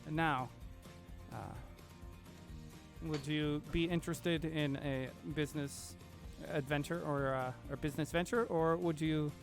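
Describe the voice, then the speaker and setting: A man voicing a haughty, scheming dark elf man in a tabletop game, with a throaty put-on French accent and a formal, halting manner. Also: fairly high pitch, fairly even intonation, over music.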